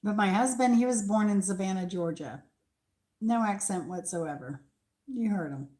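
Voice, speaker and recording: An older woman with a mild Southern American accent, chatting casually as a channel host on a garden tour, rambling with pauses. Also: medium pitch, dark tone. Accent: Southern American mix.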